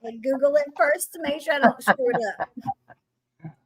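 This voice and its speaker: A woman with a high voice co-hosts a podcast, speaking unhurriedly in casual chat. She tells a joke in a giggly, rambling way and loses her place.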